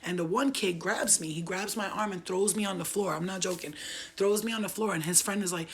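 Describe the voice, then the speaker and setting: A woman's voice: on the low side, fairly quick, creaky, a little hiss or hum. A young woman from upstate New York telling a wild true story in a profane, laughing, streetwise way. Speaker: vlogger. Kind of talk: casual storytelling.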